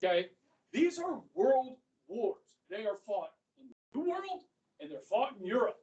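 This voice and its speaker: A man's voice: extremely high pitch, sing-song, unhurried, a little mellow, muffled recording. A middle-aged man teaching history to a class, chatty, who keeps checking in with "okay?". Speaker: high school history teacher. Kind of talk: classroom lecture. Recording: echoey classroom from far off.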